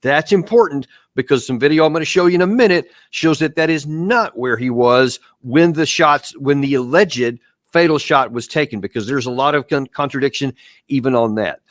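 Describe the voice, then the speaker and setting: A man's voice: medium pitch, normal speed, dry recording. A man talks viewers through video clips, pressing each point with emphasis and coaching them on what to listen for. His voice sits mid-range and sounds close and dry, with no room around it. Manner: emphatic, walks viewers step by step. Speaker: show host and commentator. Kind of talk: live commentary on video clips.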